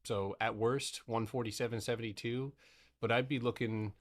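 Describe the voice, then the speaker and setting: A young man giving casual live trading commentary to his community, excitable and profane, talking in broken half-sentences. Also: mid-range voice, normal speed. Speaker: stock trading streamer.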